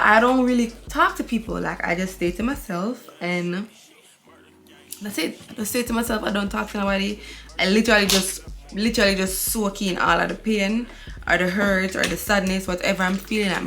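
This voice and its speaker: Gravelly-voiced young woman chatting candidly. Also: fairly low pitch, fairly bright tone. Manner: candid, rambling, confiding. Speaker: beauty vlogger. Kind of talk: casual chat while getting ready.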